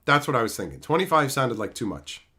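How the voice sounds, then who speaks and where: Reading chat names out loud, a live-stream host talks casually and animatedly at a quick pace, swearing freely. His voice is mid-range.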